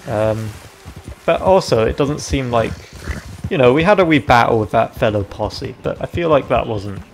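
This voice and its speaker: A young man chatting casually over his gameplay, reacting out loud and swearing freely. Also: mid-range voice, gravelly, a little hiss or hum. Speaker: gaming video creator.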